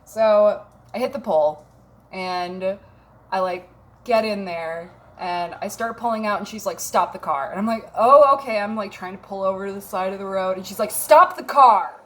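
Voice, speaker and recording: A woman's voice: medium pitch, fairly even intonation, moderate pace. A woman in her thirties, from Minnesota, tells a casual story on her vlog with a wry, self-mocking manner and plenty of swearing. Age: 30s. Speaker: vlogger.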